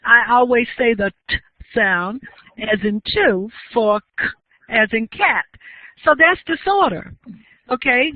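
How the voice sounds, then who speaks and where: A woman teaching a university class online, explaining at a measured pace and putting questions to her students. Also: a little high, lively intonation, no room sound. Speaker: university lecturer. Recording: dry, phone-like narrow sound.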